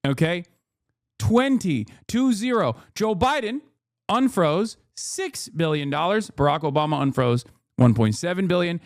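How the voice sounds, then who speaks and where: A man's voice: high voice, lively intonation, a little slow, no room sound, studio quality. A man in his thirties streaming political commentary, sarcastic and profane, mocking as he reacts to the news.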